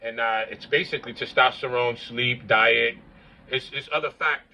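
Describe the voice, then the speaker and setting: A man's voice: medium pitch, steady tone, normal speed, pushed and bright, poor audio. A man in his forties rambling casually to the camera in a blunt, boastful and profane way. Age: 40s. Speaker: vlogger.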